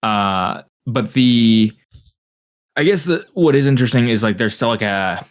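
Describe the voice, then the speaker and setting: A man's voice: mid-range voice, expressive, a little slow. A man co-hosting a casual chat, laid-back and loose, using "like" a lot. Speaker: co-host.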